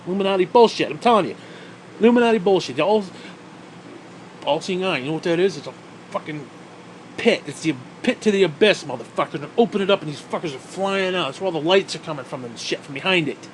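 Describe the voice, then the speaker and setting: A man's voice: on the high side, animated, fast, slight background noise. Profane ranting man with a raised voice. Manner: angry, swearing constantly, sarcastic. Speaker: vlogger.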